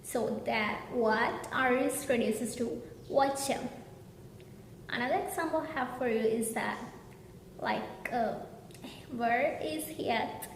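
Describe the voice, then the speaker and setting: Woman tutor, earnest pronunciation lesson, reverberant room with a faint hum. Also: a little high. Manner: earnest, slow demonstrating of example words. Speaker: English pronunciation teacher.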